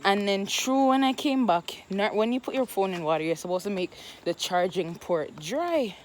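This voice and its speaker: A woman's voice: medium pitch, lively intonation, moderate pace, slight background noise. A young woman with a Jamaican accent, rambling and chatty as she vlogs casually to her viewers. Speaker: vlogger. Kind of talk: casual vlog chat. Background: music.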